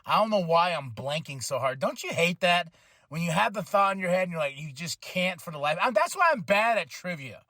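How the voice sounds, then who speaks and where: Excitable high-voiced man, dry sound. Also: no echo. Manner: excitable, rambling, quick restarts and self-corrections; breaks into laughter and shouted exclamations. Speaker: wrestling podcast host. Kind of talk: casual solo podcast chat.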